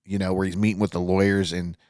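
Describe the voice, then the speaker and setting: A man's voice: sits low, flat delivery, fast, a little mellow, dry recording, studio quality. A man co-hosting a podcast, chatting casually and loosely about a TV show, with plenty of fillers and swearing. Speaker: podcast co-host. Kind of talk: casual chat reviewing a TV show.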